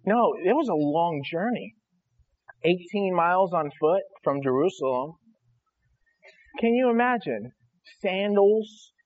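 A man's voice: high-pitched, animated, takes it slowly, pauses often, phone-quality sound. A man preaching a sermon, earnest and conversational, speaking directly to his congregation. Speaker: pastor.

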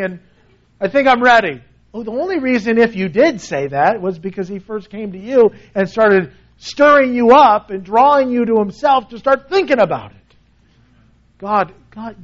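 A man preaching a sermon in a conversational way, often dropping to a soft, low voice for emphasis. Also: highs cut off. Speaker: pastor.

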